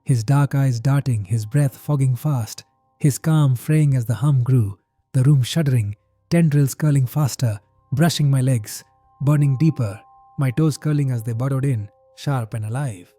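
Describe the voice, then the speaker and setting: A man's voice: mid-range voice, measured pace, mellow, no room sound, faint music behind. A man narrating a first-person horror story in tense, clipped phrases.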